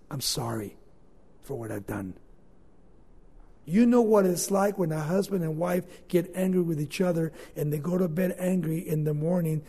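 A male preacher delivering an informal, storytelling sermon with big shifts in loudness. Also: fairly high pitch, breathy edge, big-room sound.

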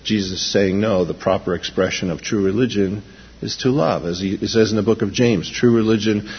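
Pastor preaching in an echoing hall. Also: male voice, lowish voice, a little fast, slightly rough. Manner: animated preaching, raises voice when quoting. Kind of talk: sermon. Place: large church sanctuary. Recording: dull lo-fi recording in a large reverberant hall.

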